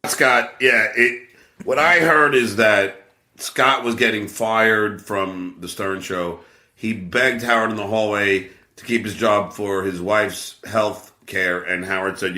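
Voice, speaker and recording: A man's voice: on the low side, steady tone, slow pace, sharp tone, roomy sound. A man hosting a live show, talking casually and crudely and taking an unexpected call. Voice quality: crude, joking. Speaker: show host taking calls.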